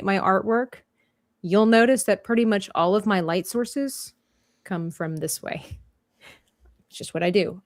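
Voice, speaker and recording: A woman hosts a casual coloring tutorial with a middle-pitched voice. She chats freely and breaks into laughter often. The sound is close and dry, with no room around it. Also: dry recording. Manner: chatty, playful, laughs often. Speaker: livestream host and art teacher.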